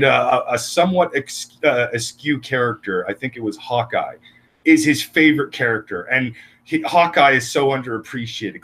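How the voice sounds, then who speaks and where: A man's voice: medium pitch, a bit bright. A man co-hosting a casual podcast, rambling with heavy swearing and many restarts. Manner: rambling, profane, fast bursts with restarts. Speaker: podcast co-host. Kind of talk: casual crude podcast banter.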